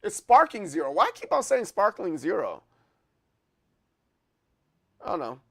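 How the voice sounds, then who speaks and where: Man, streamer, casual chat with viewers, rambling, excitable, higher pitched. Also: a little slow, gravelly. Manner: rambling, restarts a lot, chuckles and gets excited. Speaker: livestream host. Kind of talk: casual chat answering live chat.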